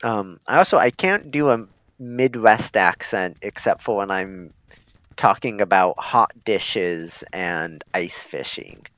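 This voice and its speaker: A man streaming a strategy game, joking and chuckling as he gives orders to his troops. He talks slowly and casually. The sound is dry, dull and lo-fi. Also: lowish voice, lively intonation, fairly bright tone, dry recording. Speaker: gaming streamer. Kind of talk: casual gameplay commentary. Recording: dull lo-fi mic.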